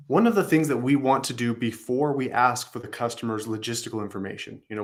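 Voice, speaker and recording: A man's voice: mid-range voice, fairly quick. A man coaching customer service staff, upbeat, acting out sample phone phrases as he comments on recorded calls.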